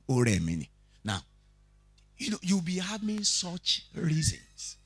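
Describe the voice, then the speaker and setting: A Nigerian man of Yoruba background, with a fairly high pitch and moderate pace and no echo, preaches a teaching sermon. He keeps asking his listeners questions during the Bible study and tells stories with real animation.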